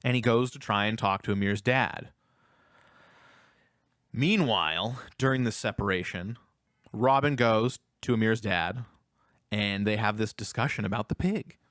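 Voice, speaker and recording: A man co-hosting a casual film review podcast, retelling scenes with animated energy and acting out characters' lines. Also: lowish voice, measured pace, long pauses, no echo, clean studio sound. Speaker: podcast co-host.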